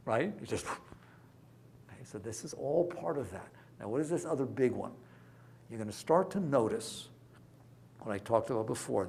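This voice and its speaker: A man giving a live lecture on mindfulness to an audience, conversational and full of rhetorical questions, swinging between hushed asides and loud emphatic bursts. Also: fairly low pitch, vocal fry, a little hiss or hum.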